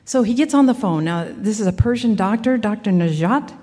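A woman's voice: mid-range voice, animated, fairly quick, warm tone, in a large hall. A woman giving an earnest personal faith testimony in a conversational storytelling way, with frequent restarts. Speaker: speaker sharing a personal testimony.

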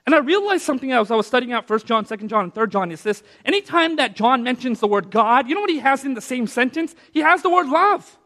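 High-voiced preaching man in a hall. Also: animated, fast talker, hardly any pauses. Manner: dynamic preaching, swinging from soft to loud. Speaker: pastor. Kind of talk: sermon.

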